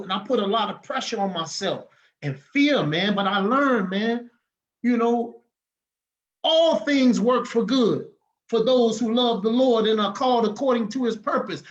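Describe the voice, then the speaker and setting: A man pouring out a heartfelt personal testimony as a podcast guest, fired up and emphatic. He keeps punctuating his sentences with "man". The recording sounds muffled and lo-fi. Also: extremely high pitch.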